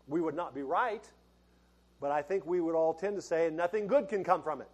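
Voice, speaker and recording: A man's voice: a little high, normal speed, a little mellow. A middle-aged male pastor preaching a sermon in a folksy, conversational way, laughing and restarting as he talks.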